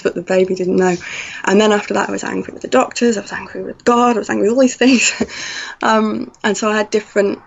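A woman telling a personal story in an animated way, acting out her own past thoughts. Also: mid-range voice, gravelly. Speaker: guest. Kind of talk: conversational storytelling. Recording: slightly dull lo-fi audio.

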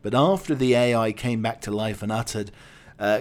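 A man's voice: medium pitch, moderate pace. A British man hosting a casual talk show, wry and chatty, with many fillers. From United Kingdom. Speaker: host. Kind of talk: casual chat.

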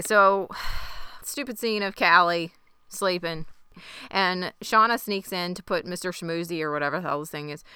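Wry woman with a smooth bright voice. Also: fairly low pitch, no room sound. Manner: wry, sardonic recapping with profanity. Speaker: podcast host. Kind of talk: casual recap chat.

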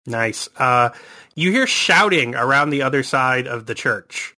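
A man's voice: mid-range voice, lively intonation, a little slow, bright, forceful tone. A man narrating a tabletop horror game as game master, with rambling, hesitant descriptions.

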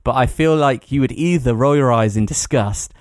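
A man's voice: mid-range voice, moderate pace, a little mellow, no echo, clean studio sound. A man co-hosting a podcast in casual chat, playful and teasing. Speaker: podcast co-host.

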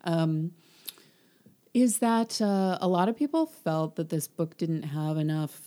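A young woman co-hosts a casual book podcast, talking in a low, mellow voice. She rambles a little, fills pauses with ums and laughs easily as she chats. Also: expressive. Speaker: podcast co-host.

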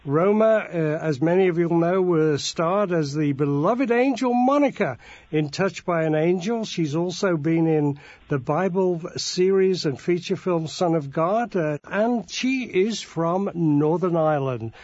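Older Birmingham-accented radio host. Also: male voice, fairly high pitch, a little slow, darkish tone, no echo, lo-fi sound. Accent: Birmingham, softened. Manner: affable, laughs along with his guest. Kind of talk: radio interview.

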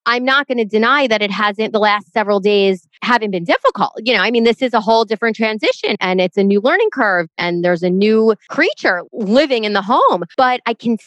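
A woman's voice: animated, brisk, few pauses, fairly bright tone, no room sound, highs cut off. A woman co-hosting a casual chat show, telling stories candidly and acting out what people said. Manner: candid storyteller, acts out quotes with big pitch jumps. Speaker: podcast co-host.

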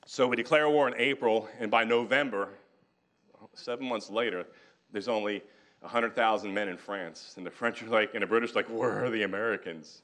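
A man with a fairly low voice and a bright, forceful tone delivers a history lecture to an audience. He talks in a relaxed, conversational way, with quick jokes thrown to the crowd. He slips into loose paraphrases of historical figures as he goes. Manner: conversational, joking asides to the audience. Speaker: guest lecturer.

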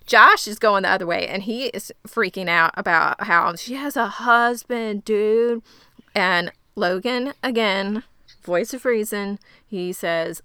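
A woman's voice: mid-range voice, unhurried, pushed and bright, clean tone, dry recording. A woman co-hosting a casual recap podcast, telling the story in a wry, conversational way on a close mic. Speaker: podcast co-host.

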